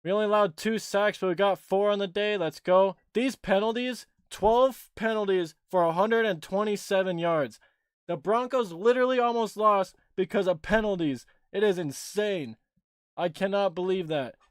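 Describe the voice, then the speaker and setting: A young man hosting a casual livestream, rambling excitedly about a game he just watched and swearing casually. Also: sits high, normal speed, smooth, no echo, studio quality. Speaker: livestream host and sports fan.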